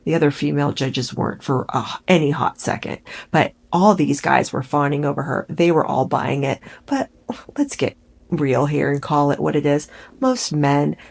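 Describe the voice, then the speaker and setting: A woman vlogger giving opinionated commentary in a sarcastic, exasperated, animated way. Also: low-pitched, moderate pace, gravelly, husky.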